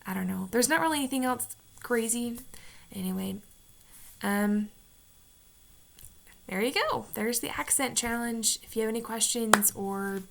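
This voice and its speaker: Slow, gravelly-voiced woman with a Utah accent. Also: fairly high pitch. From Utah, USA. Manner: hesitant, many ums and restarts. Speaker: vlogger. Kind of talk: casual accent-tag vlog, reading a word list aloud.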